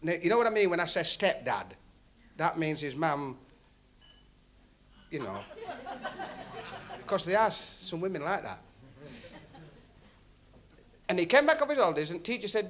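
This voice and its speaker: A man's voice: sits high, big pitch swings, normal speed, long pauses. A man doing a chatty club stand-up routine, teasing the audience and telling jokes in broad dialect. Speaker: stand-up comedian. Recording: old club recording with loud crowd laughter and noise.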